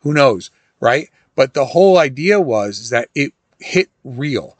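A man's voice: mid-range voice, animated, unhurried, no room sound. A middle-aged man hosting a casual horror-film talk, rambling through stories with many restarts and asides. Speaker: host reviewing a horror film. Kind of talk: casual monologue.

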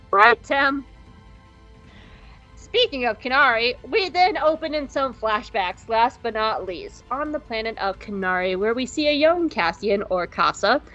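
A woman with a fairly high voice recaps a show for her podcast co-host in an animated, casual way. She keeps dropping into quick mock voices for the characters. The audio is a little dull and lo-fi, with faint music underneath.

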